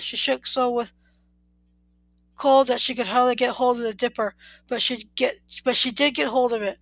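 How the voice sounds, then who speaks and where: A woman reading a children's book aloud in a steady, plain way, now and then correcting a word. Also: a little high, no room sound, low-quality recording. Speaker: reader.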